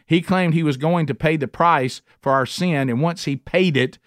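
A man leads a Bible study with lively, emphatic preaching. His voice sits a little high for a man and swings up and down as he stresses points. The sound is dry and close, with almost no room echo. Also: moderate pace. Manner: animated, conversational preaching with emphatic repetition. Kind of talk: sermon-style Bible teaching. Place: meeting room with a group.

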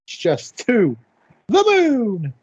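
A woman's voice: fairly high pitch, wildly swooping pitch, very slow, darkish tone, breathy edge, dull audio. A woman co-hosting a podcast, tossing in wry quips.

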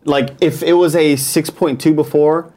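A man's voice: fairly high pitch, fairly even intonation, normal speed, warm tone. A man co-hosting a casual chat show, rambling and laughing through loose talk. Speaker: show co-host.

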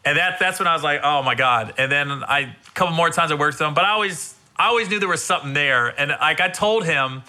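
A man's voice: on the high side, quick pace, few pauses. A man, a stand-up comedian, telling stories in casual chat with lots of swearing and laughter, acting out what others said. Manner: animated storytelling, swears, laughs often, voices others. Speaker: stand-up comedian, podcast host.

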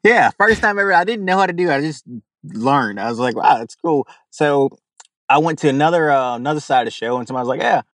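A young Louisiana man with a drawl, an animal caller, tells a story as an interview guest, acting out the other people in it and laughing along. His voice is on the high side, lively in intonation, fast, and fairly bright. It sounds close and dry, with no room sound.

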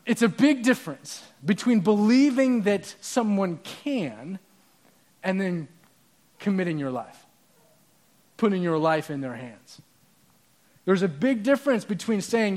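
A man's voice: sits high, animated, measured pace, long pauses, darkish tone. A man preaching a sermon as pastor, conversational and using props and asides to the audience.

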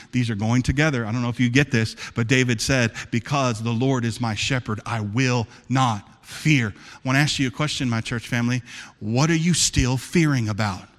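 A man preaching a sermon as pastor, calling out to his church and building to fervent shouts. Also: mid-range voice, big-room sound. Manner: preaching, rising to fervent shouts, calls to the congregation.

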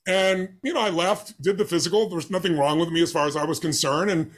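A man's voice: a little high, steady tone, quick pace. A man who is an interview guest, telling a personal story with animation and acting out the dialogue with emphatic voices.

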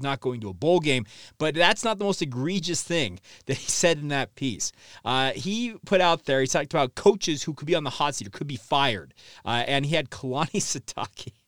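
A man's voice: mid-range voice, a bit bright, no room sound. A man hosting a sports talk podcast, delivering an emphatic, opinionated monologue into a close microphone. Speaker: podcast host.

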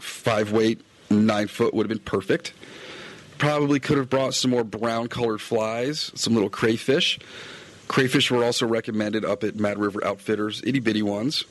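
A man's voice: medium pitch, fairly bright tone. A middle-aged man, a fly-fishing podcaster and guide, recapping his day in a chatty, meandering way, recorded outdoors. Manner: chatty, meandering, self-correcting. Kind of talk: casual rambling recap.

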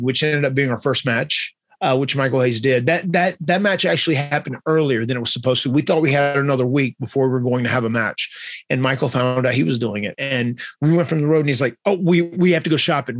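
A man's voice: medium pitch, no echo. A man hosting a podcast, telling stories animatedly and acting out what others said. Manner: animated, acts out quotes in other voices. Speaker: podcast host. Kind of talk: storytelling in conversation.

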